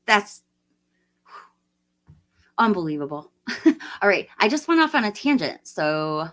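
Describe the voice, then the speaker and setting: Woman in her late forties, bright tone, chatty, rambling, laughs a lot, casual livestream talk. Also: medium pitch, big pitch swings, measured pace. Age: 40s. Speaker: livestream host. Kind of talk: casual livestream chat reading viewer comments.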